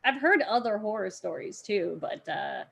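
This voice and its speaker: A young woman telling a story as an interview guest, acting out the quoted people with loud outbursts and laughter. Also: mid-range voice, big pitch swings, normal speed, creaky, slightly rough.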